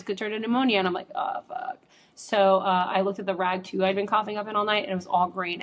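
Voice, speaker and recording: A woman who is sick, hosting a casual solo podcast from home into a microphone, chatty and rambling with many fillers. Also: mid-range voice. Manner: chatty, rambling, lots of likes and ums. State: sick with a chesty cough. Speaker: podcast host. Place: home room. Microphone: studio microphone.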